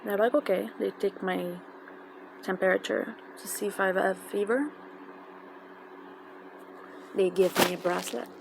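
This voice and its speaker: A woman with a tells an emotional personal story in a halting, casual way, with many fillers and restarts. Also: medium pitch, fairly even intonation, vocal fry. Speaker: fan telling a personal story. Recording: noisy background.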